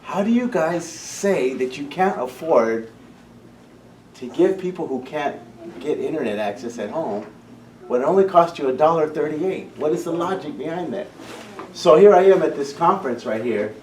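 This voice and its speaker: A man's voice: a little high, expressive, normal speed, darkish tone. Impassioned man in an echoey room. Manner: passionate, repeats and restarts phrases. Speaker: community program founder speaking to parents. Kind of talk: impassioned public talk. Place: school meeting room. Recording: echoey room, distant mic, faint hum.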